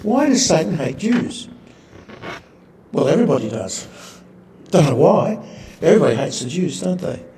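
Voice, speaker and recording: A man's voice: on the high side, very animated, normal speed, long pauses, dark tone, slight background noise. A man teaching a sermon from slides, talking in a wry way with rhetorical tag questions. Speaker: Bible teacher. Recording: echoey hall.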